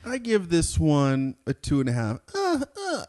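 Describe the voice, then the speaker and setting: A man's voice: on the high side, big pitch swings, normal speed, darkish tone, no room sound. A young man co-hosting a casual podcast, reading fan fiction aloud in a laid-back way and laughing as he goes. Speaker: podcast co-host.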